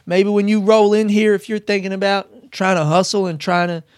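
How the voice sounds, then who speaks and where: A man's voice: high voice, little pitch movement, normal speed, no echo, clean studio sound, voice pushed up, lightly acted. A man doing a drawling laid-back celebrity impression.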